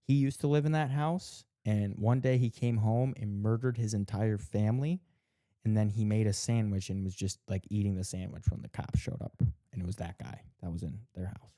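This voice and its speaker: In a fairly low, steady, warm voice at normal speed, a male podcast co-host casually retells the plot of a show. He swears heavily, says "like" often, and acts out the characters' lines, recorded in clean studio sound with no room sound.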